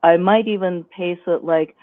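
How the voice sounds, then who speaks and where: A woman with a voice on the low side speaks at a moderate pace and in a steady tone as a guest instructor on a live stream. She demonstrates her points vocally while explaining them, and the line sounds dry and phone-like.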